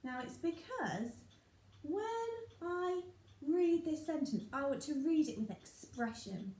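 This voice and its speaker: High-voiced teacher sounding out letters slowly. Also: female voice, lively intonation, dark tone, reverberant. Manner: slow, clearly sounding out letters and words. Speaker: primary school teacher. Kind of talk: phonics lesson for young children.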